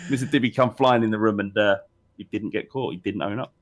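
A man's voice: lowish voice, fairly even intonation, fast talker. A man co-hosting a podcast, telling a school story animatedly with laughter. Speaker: podcast co-host. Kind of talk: casual storytelling.

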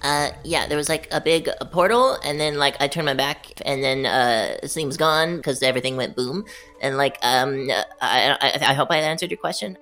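A woman's voice: deep voice, normal speed, fairly bright tone. A woman playing her character at a tabletop game, rambling with lots of fillers. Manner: rambling, filler-heavy talk. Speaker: player.

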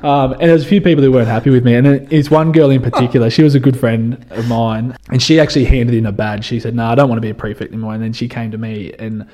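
Mellow-voiced young Australian man. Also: mid-range voice, quick pace, hardly any pauses. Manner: relaxed and conversational, often says "you know" and restarts phrases. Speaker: interview guest. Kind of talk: reflective personal storytelling.

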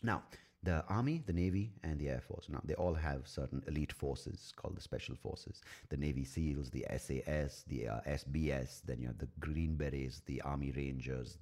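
Deep-voiced, sweary male podcast ranter. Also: moderate pace, a little mellow. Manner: profane, sarcastic, opinionated. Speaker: podcast host. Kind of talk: solo podcast rant.

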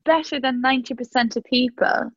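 A woman's voice: high voice, steady tone, fairly quick, dry recording. Chatty young woman, lo-fi sound. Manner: chatty, laughs easily, many "like" fillers. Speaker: co-host. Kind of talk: casual chat.

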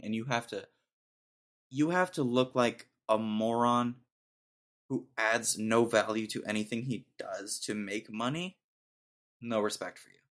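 A man's voice: medium pitch, a bit bright. A young man hosting a solo podcast, ranting in an exasperated, mocking way and laughing at his own jokes. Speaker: podcast host. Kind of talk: casual solo podcast rant.

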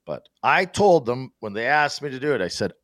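Dry-sounding man, animated storyteller. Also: mid-range voice, moderate pace, no echo. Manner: self-deprecating, rambling storyteller. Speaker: guest, former hockey player. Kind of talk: casual chat.

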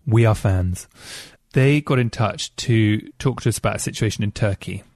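Chatty podcast host. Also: male voice, lowish voice, moderate pace, a little mellow, no echo, studio quality. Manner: chatty, reads listener emails aloud. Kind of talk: casual podcast chat.

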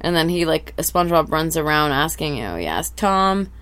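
A woman's voice: sits low, very animated, normal speed, fairly bright tone, clear, resonant tone. A woman co-hosting a podcast, animatedly retelling a cartoon episode and acting out the characters' lines. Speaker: podcast co-host. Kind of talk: casual recap chat.

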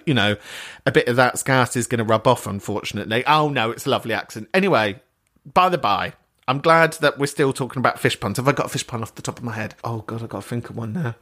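Bright, chatty man with a London accent. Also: mid-range voice. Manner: chatty, laughs often, tangential. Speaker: podcast host. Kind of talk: casual podcast chat.

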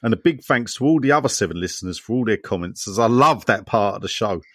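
Bloke hosting a chatty podcast, jokey, lively up-and-down voice. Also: male voice, lowish voice, quick pace, dry recording, studio quality. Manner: jokey banter with co-hosts, animated. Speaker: podcast host. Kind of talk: casual chat, reading listener messages.

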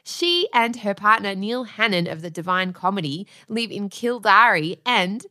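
A woman in her thirties co-hosting a casual chat show, bubbly, enthusiastic and quick to giggle. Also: mid-range voice, animated, bright, forceful tone. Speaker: podcast co-host.

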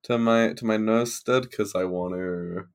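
Man, podcast co-host, deadpan teasing, low voice, slow pace. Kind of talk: casual chat.

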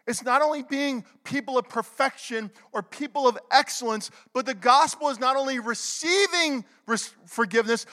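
A middle-aged male pastor preaching a sermon, calling for amens, moving between loud exhortation and hushed, whispered confession. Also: very high-pitched. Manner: calls for amens from the congregation. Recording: long hall reverb.

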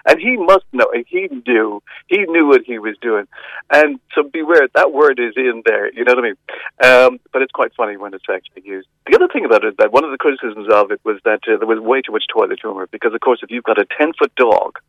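A man's voice: mid-range voice, fast, no room sound. Chatty man on a dull phone line. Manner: chatty, hesitant with many restarts, lively emphasis. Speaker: film reviewer. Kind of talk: phone-in film review.

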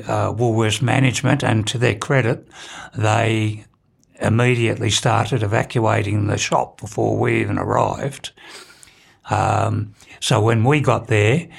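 Gravelly older Australian man, hesitant. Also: on the low side. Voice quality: gravelly, husky. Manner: hesitant, restarting phrases. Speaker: interview guest, former police officer.

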